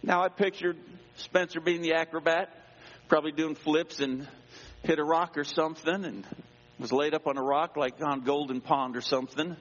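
A male pastor telling a personal story in a sermon, dramatic, dropping to a hush and rising again. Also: a little high, fairly even intonation, moderate pace. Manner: dramatic, swings between hushed and raised voice. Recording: dull sound with long hall reverb.

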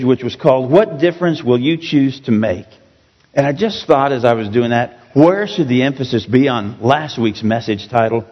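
A man preaching a sermon as pastor, in a loose, conversational way that pokes fun at himself. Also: medium pitch. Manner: conversational, self-joking preaching. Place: church sanctuary. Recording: dull echoey hall recording.

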